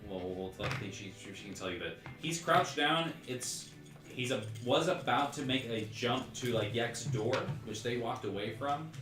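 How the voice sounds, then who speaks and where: A man runs a tabletop game, narrating the scene in a halting way, full of fillers and restarts. His voice is bright and forceful. The room is echoey, and faint music plays underneath. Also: mid-range voice, expressive. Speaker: game master. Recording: roomy stream audio with faint music.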